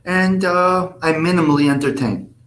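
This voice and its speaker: A man's voice: a little high, normal speed, a bit bright. A man hosting a casual live stream, answering viewers' comments by name in a blunt, profane, rambling way.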